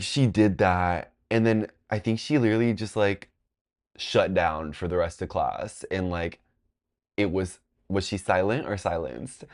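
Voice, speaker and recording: A man in his twenties telling a rambling, animated storytime vlog, full of "like" fillers. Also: low voice. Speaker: vlogger. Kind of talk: casual storytime.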